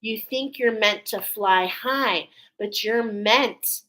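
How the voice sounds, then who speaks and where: A woman talks her viewers through an oracle card reading in a slow, unhurried way. Her tone is earnest and soothing, and she keeps checking in with a gentle "okay?" Her voice sits at an everyday middle pitch. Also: rough recording.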